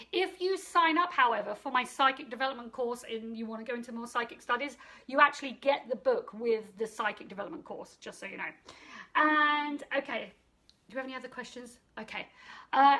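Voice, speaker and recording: A woman's voice: high-pitched, sharp tone. A middle-aged woman, a psychic medium, chatting casually on a live stream into her phone, greeting viewers and answering their comments aloud.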